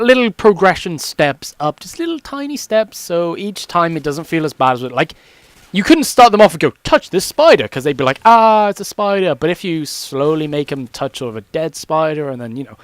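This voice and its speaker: A man's voice: a little high, no echo. A young man rambling casually and swearing freely as he commentates over his gameplay. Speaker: gaming commentator.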